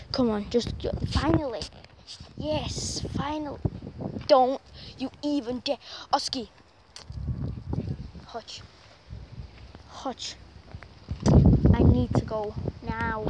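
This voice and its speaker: Young woman, high voice, exasperated dog walker, handheld outdoor vlog with heavy background noise. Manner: exasperated, pleading with her dog. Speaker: vlogger. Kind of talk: casual vlog while walking a dog. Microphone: handheld camera. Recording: loud outdoor noise on camera mic.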